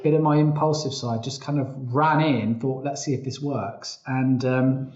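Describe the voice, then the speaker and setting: A man's voice: medium pitch, steady tone, normal speed, a little mellow. A man telling his story as a podcast guest, chatty, often quoting himself and restarting sentences. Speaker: podcast guest, travel company founder. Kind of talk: casual interview storytelling. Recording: roomy, slightly dull sound.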